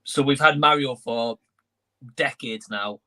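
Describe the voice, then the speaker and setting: A man's voice: medium pitch, slow, sharp tone. A man co-hosting an entertainment live stream, talking in a conversational way and thinking aloud as he goes. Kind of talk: casual chat.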